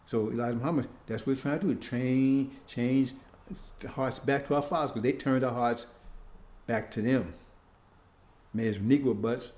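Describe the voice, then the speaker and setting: A man's voice: mid-range voice, fairly even intonation, moderate pace, pauses often, darkish tone, roomy sound. A man preaching informally, in a conversational tone, often checking in with his listeners with short questions. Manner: conversational, keeps asking "see?".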